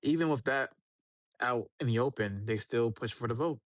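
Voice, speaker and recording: A man's voice: medium pitch, moderate pace, dry recording, studio quality. A man joining a live conversation, chatting casually and dropping "man" into his sentences. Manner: easygoing, says "man" often. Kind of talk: casual chat.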